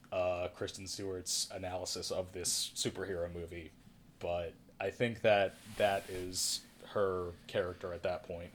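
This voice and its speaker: A man's voice: deep voice, a little hiss or hum. A man hosting a casual film review podcast, rambling and self-correcting with a wry tone. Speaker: podcast host reviewing films. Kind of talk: casual chat.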